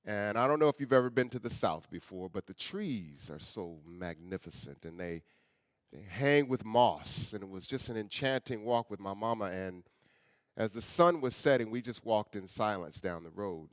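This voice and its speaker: A middle-aged man, a guest speaker and author, telling a personal story in an earnest, conversational way and often dropping to a soft, quiet voice. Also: lowish voice, expressive, moderate pace, no room sound, clean studio sound. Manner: earnest, conversational, addresses audience as y'all; often drops soft and quiet for emotional moments.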